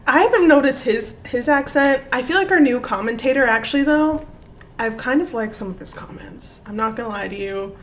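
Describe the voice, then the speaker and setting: A woman co-hosting a podcast in relaxed, joking casual chat. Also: high voice, brisk. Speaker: podcast co-host.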